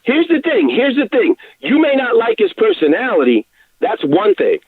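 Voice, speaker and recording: A man's voice: very high voice, normal speed, crowd noise. A man calling in to a sports show by phone, arguing his side insistently and restarting sentences to press his point. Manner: argumentative, lively, restarts to make his point. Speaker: caller. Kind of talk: heated sports debate by phone. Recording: tinny phone line.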